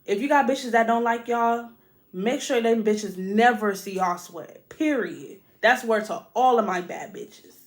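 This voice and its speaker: Woman podcast host, slightly high voice, casual recap, lots of swearing. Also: a little slow. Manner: profane, animated, addresses listeners as y'all.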